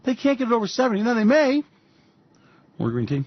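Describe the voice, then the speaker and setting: A man's voice: very high-pitched, wildly swooping pitch, fairly quick, dry recording, dull audio. A man hosting financial commentary, ranting with sarcastic, mocking and profane remarks about economic policy.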